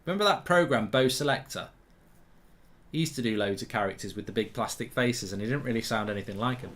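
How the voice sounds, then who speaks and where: A man's voice: mid-range voice, fast, a bit bright. A man hosting a live football watchalong, chatting and answering viewer questions. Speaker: host.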